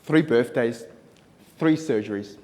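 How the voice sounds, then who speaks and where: A man's voice: mid-range voice, a little slow, mellow. A man giving a humorous stage speech at a contest, punchy and self-mocking with tight comic timing. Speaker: contest speaker. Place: stage in a conference hall. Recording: echoey hall.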